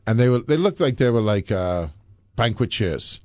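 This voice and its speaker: A man's voice: medium pitch, lively intonation, normal speed, a little mellow, dry recording, dull audio. A man hosting a live talk show, rambling and joking with many restarts. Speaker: host. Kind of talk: casual banter on a live show.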